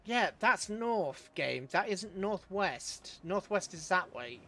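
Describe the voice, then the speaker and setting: A man's voice: high voice, animated, slow pace, bright, forceful tone. A man chatting casually through a live game stream, laughing often and talking to his chat. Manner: chatty, chuckling, talks to chat. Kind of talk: live gameplay commentary.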